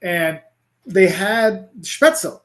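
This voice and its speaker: A man's voice: high-pitched, drawn-out words. A middle-aged man, a travel creator, chatting casually in an interview, rambling with lots of "like" and restarts. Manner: rambling, animated, full of "like" and restarts. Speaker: travel creator and professor, guest.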